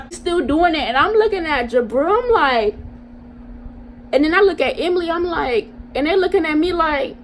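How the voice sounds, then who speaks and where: A young woman vlogger telling a casual storytime in an animated, slangy way, talking straight to her viewers. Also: very high-pitched, moderate pace, a little hiss or hum.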